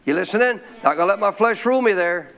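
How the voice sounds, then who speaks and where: A man preaching a sermon, throwing frequent questions to the congregation and slowing down to stress key phrases. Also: high-pitched, expressive, a bit bright. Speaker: pastor.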